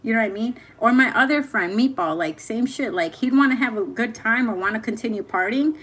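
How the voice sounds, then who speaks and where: A woman's voice: on the high side, a little fast, fairly bright tone. Slangy young woman chatting casually. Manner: candid slangy storytelling, swearing freely. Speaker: host. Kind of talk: casual chat.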